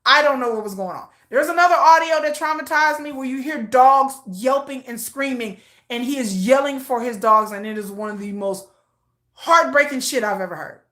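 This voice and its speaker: A woman's voice: high voice, moderate pace, a bit bright, roomy sound. A woman giving casual, emotional commentary, often repeating herself. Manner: emotional, repetitive, restarts often. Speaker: commentary vlogger.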